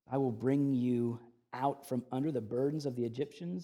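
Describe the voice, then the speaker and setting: A man preaching a sermon, his voice swelling loud on key phrases and dropping soft between them. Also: medium pitch, fairly even intonation, moderate pace. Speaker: pastor.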